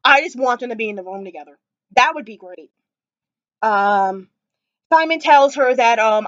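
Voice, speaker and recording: A woman vlogger chats casually from her floor at home, gushing and rambling with lots of filler words. Her voice sits a little high, and the sound is dry and slightly dull. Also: lively intonation, moderate pace, pauses often, no room sound. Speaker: vlogger reviewing a TV episode. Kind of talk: casual chat.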